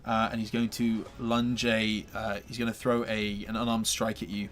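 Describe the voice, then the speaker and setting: A man's voice: on the low side, completely flat delivery, moderate pace, faint music behind. A man narrating as game master of a tabletop game, hesitant, with many fillers and restarts.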